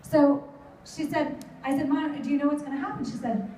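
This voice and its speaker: A middle-aged woman with a high, mellow voice gives a motivational talk to a live audience. She tells lively stories and slips into her children's voices. She is heard from well off the mic in a very echoey hall. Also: brisk, distant mic, a little hiss or hum. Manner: animated storytelling, acts out her kids' voices. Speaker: motivational speaker.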